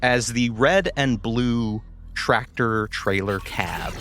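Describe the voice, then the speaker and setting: A man narrating as game master of a tabletop game, with slow, dramatic storytelling. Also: mid-range voice, heavy background noise.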